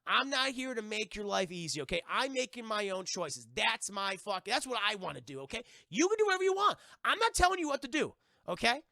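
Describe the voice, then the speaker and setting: A man plays a tough, independent young cartoon woman who will not be told what to do. She talks curtly in short, sweary lines, with a high, gravelly, bright voice. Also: animated, moderate pace, dry recording, studio quality, exaggerated voice. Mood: blunt. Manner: curt, repeats "okay?", swears. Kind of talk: acting out cartoon lines in a recap.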